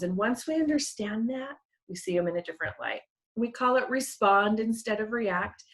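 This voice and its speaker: Middle-aged woman, parent educator, warm-hearted chatty webinar delivery, a touch of fry. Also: mid-range voice. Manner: earnest, conversational, gestures with a hand model. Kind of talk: webinar teaching.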